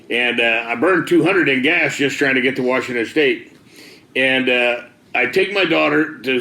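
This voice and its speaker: A middle-aged man tells his life story as a testimony, folksy and loose, with plenty of "man" and "you know". His voice sits at an ordinary pitch. It rings in a roomy, echoey space. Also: bright, forceful tone. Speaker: testimony speaker.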